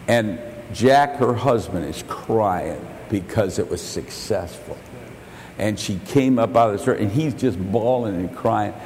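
An older male pastor preaching a sermon, telling stories and quoting scripture in an earnest, measured way. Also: medium pitch, slight background noise. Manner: slow, earnest preaching with storytelling and King James quotations. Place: church sanctuary. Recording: long hall reverb in a church.

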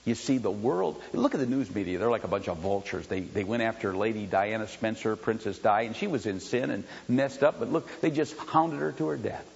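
A man preaching a sermon, moving between quiet storytelling and loud, shouted exhortation. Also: fairly low pitch, brisk, vocal fry, hardly any pauses, husky. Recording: dull lo-fi sound with long hall reverb.

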